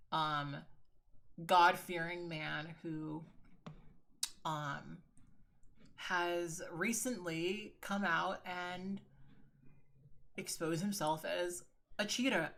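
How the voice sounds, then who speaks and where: Woman livestreamer, lowish bright tone, frank chatty delivery, swears freely, addresses viewers as girl. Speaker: livestreaming video creator. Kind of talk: casual livestream chat.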